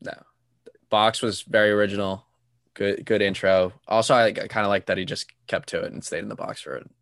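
A man's voice: on the low side, fairly even intonation, brisk, gravelly, a bit bright, no room sound, studio quality. A young man in casual chat, joking and teasing. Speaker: podcast co-host.

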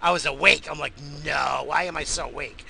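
A man hosting a casual rambling monologue, swinging from loud hyped shouts to low muttering, swearing often and coughing now and then. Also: fairly quick, vocal fry, very noisy. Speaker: podcast host.

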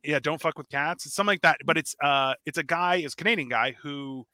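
A man in casual comedic podcast chat, telling stories with animated acted-out dialogue and plenty of swearing. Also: a little high, fast, dry recording. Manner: animated storytelling, acts out quoted dialogue, swears freely. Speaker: podcast guest or co-host.

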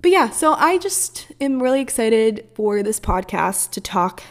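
A woman's voice: on the high side, big pitch swings, unhurried. A woman in her early twenties hosting a podcast in a casual, rambling way, swearing freely as she talks. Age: early 20s. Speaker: podcast host.

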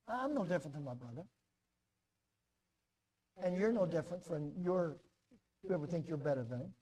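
Delivering an expressive sermon, this middle-aged American pastor speaks with a fairly high voice. He swings from loud emphasis to calm, measured passages and frequently repeats words as a point builds.

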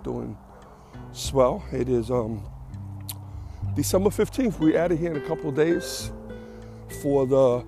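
A man's voice: mid-range voice, lively intonation, measured pace, pauses often, mellow, faint music behind. Rambling, chatty male podcast host. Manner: rambling, self-correcting, chatty. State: a little out of breath. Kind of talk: casual solo podcast chat.

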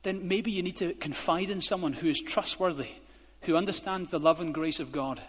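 A man's voice: a little high, brisk, husky. Man, pastor, emphatic sermon, long hall reverb. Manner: emphatic, rising to forceful exhortation. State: out of breath.

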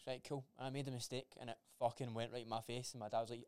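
A man's voice: medium pitch, flat delivery, very fast, a little mellow, a little hiss or hum. A man co-hosting a podcast, talking in a blunt, sweary, matter-of-fact way. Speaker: podcast co-host. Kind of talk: casual podcast chat.

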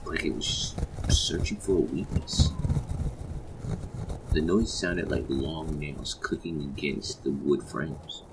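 A man narrating a horror story in first person, slow and measured. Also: very deep voice, creaky, noisy background.

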